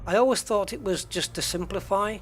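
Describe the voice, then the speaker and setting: A man's voice: high-pitched, a little fast, faint music behind. A British man in his fifties with a British accent, chatting casually and rambling with jokey asides while he plays a space game. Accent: British English. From United Kingdom. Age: 50s. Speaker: gaming streamer.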